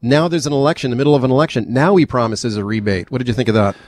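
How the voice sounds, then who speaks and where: A man's voice: medium pitch, racing, a little hiss or hum. A man hosting a radio talk show, chatting and putting questions to a guest commentator. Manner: conversational, questioning, lively. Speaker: radio host.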